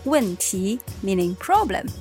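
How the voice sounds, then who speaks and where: A woman's voice: mid-range voice, very animated, a little slow, a little mellow, soft background music. A woman teaching a language lesson, patiently explaining what words mean in plain terms.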